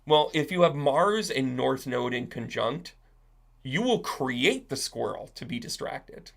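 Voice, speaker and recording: A man's voice: medium pitch, lively intonation, measured pace, gravelly, fairly bright tone. A man hosting an astrology live stream, chatting in a rambling way, answering viewers' comments and often asking "right?". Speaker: astrology and tarot reader, live-stream host. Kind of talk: casual live-stream chat.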